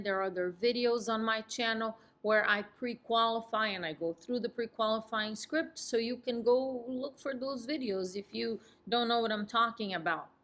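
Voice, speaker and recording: A woman's voice: a little high, pushed and bright. A middle-aged woman giving real estate coaching straight to camera, firm and ending her sentences on a falling tone. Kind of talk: direct-to-camera coaching talk.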